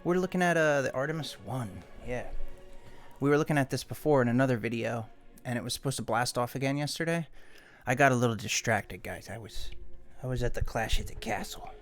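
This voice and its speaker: A man's voice: medium pitch, fairly quick, soft background music. Ranting man streamer reading news aloud. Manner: irritated, swearing, reads articles aloud with asides.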